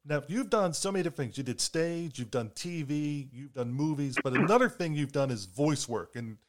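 A man's voice: a little high, expressive, a little fast. Enthusiastic male podcast host. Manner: friendly fan enthusiasm, repeats words when starting. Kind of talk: casual interview conversation.

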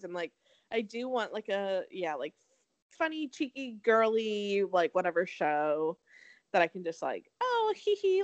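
A young woman co-hosting a casual chat podcast, bubbly and quick to giggle. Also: mid-range voice, no room sound, muffled recording. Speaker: podcast co-host.

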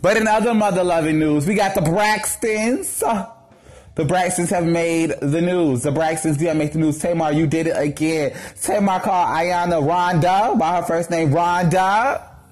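A man ranting in a gossip commentary vlog, brash and profane, with a sassy, sharp-tongued delivery. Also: a little high, normal speed, faint music behind.

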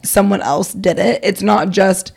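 A young woman co-hosting a podcast, chatting in a relaxed, conversational way. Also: mid-range voice, a little slow, creaky, slightly rough. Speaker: podcast co-host. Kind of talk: casual chat.

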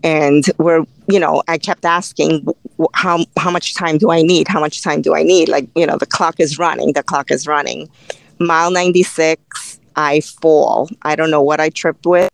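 A woman telling a long race story in a podcast interview, animated and full of fillers, acting out what people said to her. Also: low-pitched, moderate pace, vocal fry, no echo, poor audio. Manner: animated, tells the story through quoted dialogue with many fillers. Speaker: race director and ultrarunner guest.

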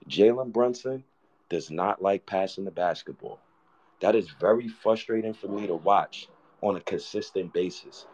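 A man's voice: deep voice, moderate pace, a little mellow. A man hosting a fan show, ranting heatedly and profanely, repeating himself as he vents. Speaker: sports fan show host.

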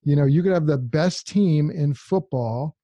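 A man's voice: a little high, measured pace, warm tone, no room sound, muffled recording. A man co-hosting a podcast, talking in a direct, emphatic, casual way. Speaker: podcast co-host.

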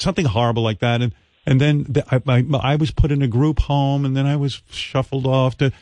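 A man's voice: medium pitch, fairly quick, no room sound. Older guy radio host, crude and blunt, dry close sound. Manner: blunt, crude, animated storytelling with quoted voices. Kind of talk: casual radio banter.

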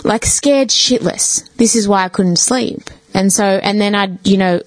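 A woman's voice: mid-range voice, steady tone, normal speed, a little mellow, dry recording. A woman co-hosting a podcast, telling a personal story in casual chat, swearing freely and leaning on "like". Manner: chatty, swears freely, leans on "like".

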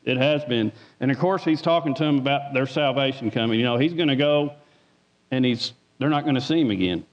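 A man's voice: mid-range voice, brisk. A man giving an informal sermon as a lay preacher, folksy, repeating words and asking the room for an amen. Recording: dull sound with long hall reverb.

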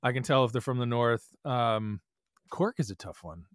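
Animated man hosting a chat. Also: medium pitch, moderate pace, dry recording, clean studio sound. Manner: animated, rambling questions. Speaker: podcast host. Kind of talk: casual interview chat.

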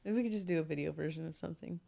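A young woman co-hosting a casual podcast while nine months pregnant, chatty and quick to laugh. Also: low voice, creaky, warm tone. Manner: giggly, chatty, lots of fillers. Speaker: podcast co-host. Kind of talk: casual chat.

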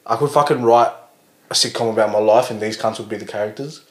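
A man's voice: lowish voice, fast. A man co-hosting a podcast, telling stories in casual chat with plenty of swearing. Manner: storytelling, swearing, laughing along. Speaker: podcast co-host. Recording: roomy echo.

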